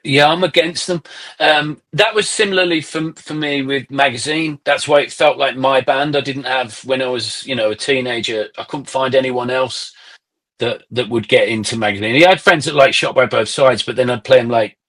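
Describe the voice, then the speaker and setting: A man's voice: mid-range voice, moderate pace, a bit bright. A middle-aged man, a musician guest on a podcast, telling rambling anecdotes in casual conversation with frequent restarts.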